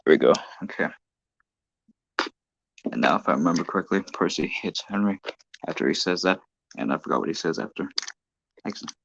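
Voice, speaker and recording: Man, casual stream chatter, rambling, very low voice, gravelly, dry. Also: lively intonation, brisk, long pauses, a bit bright, no echo. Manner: rambling, self-correcting. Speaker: hobby toy-train filmmaker. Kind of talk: casual live-stream commentary. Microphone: phone. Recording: dull lo-fi phone audio.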